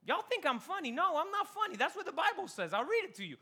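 A man preaching a sermon in a church, telling Bible stories with animated delivery and acting out the characters. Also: extremely high pitch, fast, few pauses. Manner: slips into Spanish phrases. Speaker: pastor.

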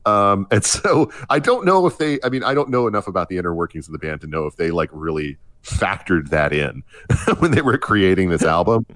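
A man with a very low, deep voice talks through a casual music conversation. He circles his points with fillers and repeated starts, sounding relaxed and unscripted. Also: a little fast. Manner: hesitant, many restarts and fillers. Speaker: podcast co-host.

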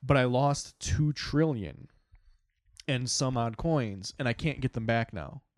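A man's voice: medium pitch, takes it slowly, no echo, clean studio sound. Swearing young man telling a wild story. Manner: animated storytelling, swears a lot, acts out his own reactions. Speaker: podcast host telling a story. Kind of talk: casual chat.

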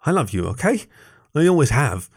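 A man's voice: medium pitch, animated, normal speed, creaky, darkish tone, no room sound, clean studio sound, pitched above the performer's own voice. A man reading aloud, voicing a young male furry animal who is anxious and lovesick, his voice lifted and shaky with emotion. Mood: distraught.

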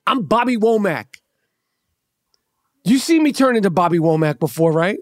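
A man hosting a podcast, telling a story in a teasing, profane, animated way. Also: sits high, moderate pace, no echo, studio quality. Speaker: podcast host. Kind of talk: casual podcast banter.

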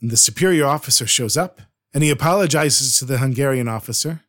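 A man telling a dramatic true story in an earnest, expressive way. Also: mid-range voice, fast talker.

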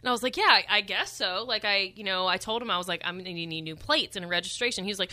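A woman's voice: mid-range voice, very fast, few pauses, pushed and bright. A young woman co-hosting a radio morning show, telling a story in casual chat, laughing and acting out other people's lines.

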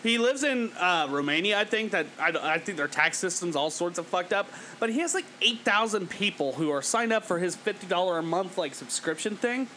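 Sarcastic swearing man, podcast host, bright high voice, animated. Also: a little fast, hardly any pauses, slight background noise. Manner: sarcastic, profane, joking. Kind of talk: casual reaction commentary.

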